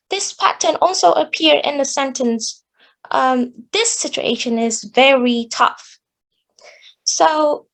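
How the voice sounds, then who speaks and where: Woman, high voice, gravelly edge, careful academic presentation. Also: rough recording. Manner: careful, explanatory delivery with small restarts. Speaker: student presenter.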